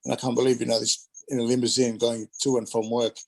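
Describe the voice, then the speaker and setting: A man spins loose, rambling stories in a relaxed interview, doubling back and filling gaps with asides. His pitch sits in an ordinary middle range. The telling stays animated throughout. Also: fast talker, vocal fry, poor audio. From Australia. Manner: rambling, animated, lots of fillers. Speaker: guest, retired wrestler. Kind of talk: casual storytelling interview.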